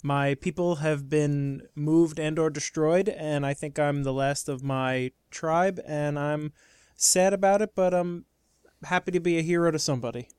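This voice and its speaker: A man playing in a tabletop game, introducing his character in halting, hesitant speech. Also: a little high, a little mellow, clean tone, no room sound, clean studio sound. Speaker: player. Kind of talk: casual chat introducing a character.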